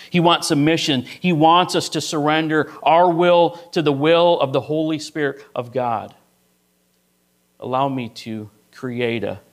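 A middle-aged male pastor with a mid-range voice preaches a sermon, telling a story to illustrate his point. He often checks in with his listeners by asking "right?"

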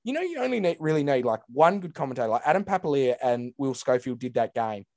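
A man's voice: medium pitch, big pitch swings, quick pace, darkish tone, dry recording, studio quality. A young Australian man co-hosting a casual sports podcast, laid-back and sweary, calling everyone mate. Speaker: podcast co-host. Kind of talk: casual chat.

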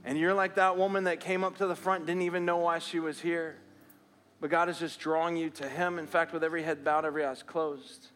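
A man's voice: a little high, flat delivery, a little fast, a bit bright. A man preaching a sermon as pastor, telling a story and repeating phrases as he urges his listeners on. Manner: storytelling, repeats phrases, rises to earnest urging. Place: church sanctuary.

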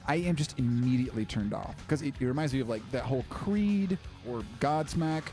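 A man's voice: mid-range voice, animated, brisk, darkish tone. Man, podcast co-host, casual rambling talk with swearing and laughs, faint music behind. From Oklahoma. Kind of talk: casual chat.

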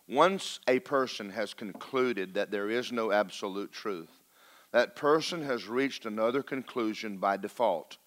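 Pastor, male, folksy sermon delivery with jokes and drawn-out emphasis. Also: on the low side. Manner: preacherly, folksy and joking, slows for emphasis.

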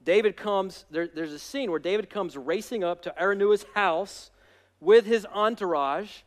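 A male pastor preaching a sermon in an energetic, emphatic way, with self-deprecating humor. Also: high-pitched, unhurried.

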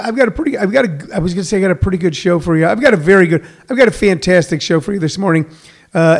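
A middle-aged man hosting a comedy podcast in a rambling, self-correcting way, full of fillers. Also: on the high side. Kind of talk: casual solo radio-style show.

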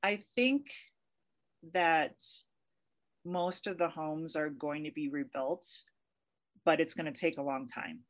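A woman's voice: low-pitched, slow, pauses often. A woman being interviewed as a university professor, talking in a chatty, emotional way and laughing easily. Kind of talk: conversational interview.

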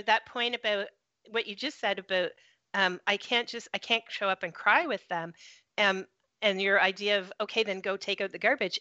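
Bright, measured woman host. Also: mid-range voice, dry recording. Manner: measured, affirming, reflective. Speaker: podcast host. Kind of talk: conversational interview. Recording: dry, lo-fi close recording.

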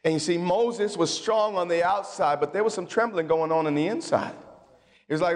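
Male pastor, sermon, high voice, energetic and chatty, long hall reverb. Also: moderate pace. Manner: energetic and conversational, with colloquial asides.

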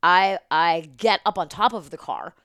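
A woman's voice: fairly low pitch, measured pace, a bit bright, no echo. A woman guest on a podcast, telling a story in casual, rambling, profanity-laced chat. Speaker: event producer.

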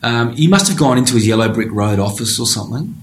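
A man's voice: medium pitch, very animated, fast. A man co-hosting a podcast, chatting casually and enthusiastically. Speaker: podcast co-host. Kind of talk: casual chat. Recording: roomy echo.

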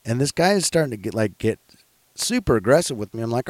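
A man's voice: mid-range voice, sing-song, fast, dry recording. A man casually telling a rambling, profanity-heavy story in a chat.

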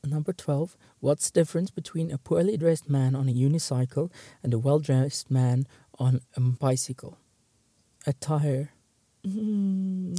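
A man's voice: a little high, fairly even intonation, unhurried, dark tone, no room sound. A man hosting his own show, reading out jokes one by one and trying hard not to laugh, muttering and stifling giggles between them. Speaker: host.

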